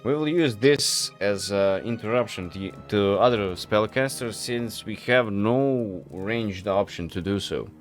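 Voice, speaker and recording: A man's voice: fairly low pitch, unhurried, few pauses, faint music behind. A man commenting casually on his gameplay and reading the game's text aloud in a laid-back, muttering way. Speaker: gameplay streamer.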